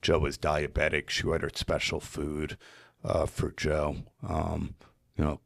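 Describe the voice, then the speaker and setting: A man from New Jersey, a podcast guest, telling a story in earnest, animated style with frequent fillers. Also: a bass voice, unhurried, vocal fry. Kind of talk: emotional storytelling in conversation.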